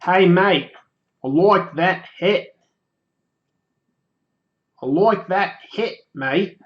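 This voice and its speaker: A cheery Australian bloke, put on by a man in a wobbly, half-convincing accent, his pitch pushed up and his phrases stretched slowly. He keeps circling back to the same line. The audio is dull and lo-fi, like a cheap stream mic. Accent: attempted Australian. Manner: slow drawn-out phrases, repeats a catchphrase.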